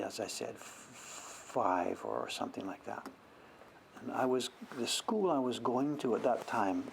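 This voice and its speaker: A man's voice: on the low side, vocal fry, background noise. An older man from Canada chatting casually on a livestream, rambling as he works on a carving. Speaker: woodblock printmaker streaming live.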